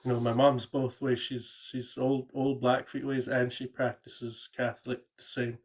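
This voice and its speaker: With a level, medium-pitched voice at a measured pace, a male caller tells a true ghost story, rambling casually and repeatedly saying "you know" and repeating words.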